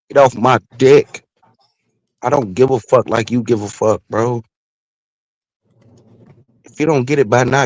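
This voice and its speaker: A man with a gravelly, creaky voice, speaking, talks trash in slang as a livestream guest. The sound is dry and close. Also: medium pitch, dry recording, rough recording. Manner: brash, trash-talking slang. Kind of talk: casual livestream talk.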